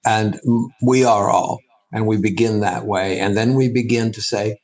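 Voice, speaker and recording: A man, a spiritual teacher, giving a reflective answer in an interview, halting and restarting as he thinks. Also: lowish voice, fairly even intonation, darkish tone, rough recording. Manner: halting and thoughtful, with frequent restarts and pauses.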